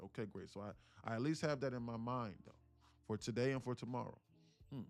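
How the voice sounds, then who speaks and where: A man's voice: lowish voice, fast, a little mellow, faint music behind. A man hosting a day-trading livestream in a loose, chatty way, swearing casually and answering his chat, sitting about a foot from his mic.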